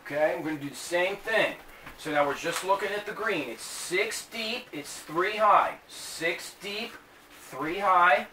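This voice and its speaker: Bright-voiced joking male math teacher. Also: high-pitched, normal speed. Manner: chatty, tells jokes between steps. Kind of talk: classroom math lesson with jokes. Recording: echoey room, mic at a distance, faint hiss.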